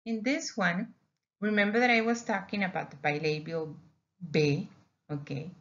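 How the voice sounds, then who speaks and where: A woman's voice: lowish voice, fairly even intonation, normal speed, fairly bright tone, muffled recording. A woman teaching a recorded Spanish lesson, patiently repeating words for emphasis. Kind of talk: recorded slideshow lecture.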